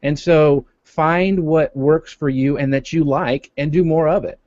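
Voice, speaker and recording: A man on a panel, relaxed and enthusiastic, chatting over a video call. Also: a little high, unhurried, no room sound, highs cut off. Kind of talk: casual panel chat.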